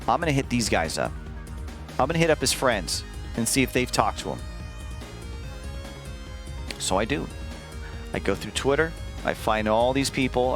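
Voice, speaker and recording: Speaking at medium pitch, a man on stream spins a casual story for his chat, swearing freely and performing each quoted line with animation.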